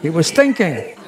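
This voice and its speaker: A man giving a casual sermon at a spiritual center, folksy and chuckling, with many fillers and restarts. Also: sits high. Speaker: spiritual practitioner giving a talk.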